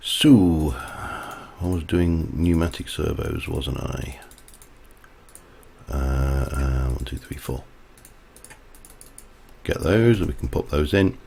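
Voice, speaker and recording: A man's voice: very deep voice, takes it slowly, gravelly, long pauses, a little mellow, a little hiss or hum. A man chatting casually while he plays, rambling off into side stories as he works. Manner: rambling, chatty, digresses mid-task. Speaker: livestreamer. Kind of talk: casual gameplay commentary.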